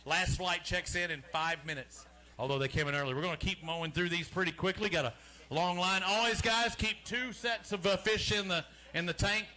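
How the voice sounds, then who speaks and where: A man emcees an outdoor weigh-in. His voice sits a bit high and rings bright and forceful. He jokes and chats as he reads out names and weights. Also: fairly even intonation, fairly quick, slight background noise. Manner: joking, chatty, calls out names and weights. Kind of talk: live event hosting. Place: outdoor lakeside weigh-in stage.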